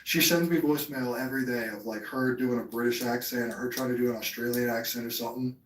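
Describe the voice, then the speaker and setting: A man's voice: medium pitch, steady tone, fast talker, far from the mic. A young man live streaming from his home, telling crude, boastful stories to his chat in a rambling way. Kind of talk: casual livestream chat. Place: room at home. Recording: echoey room, off mic.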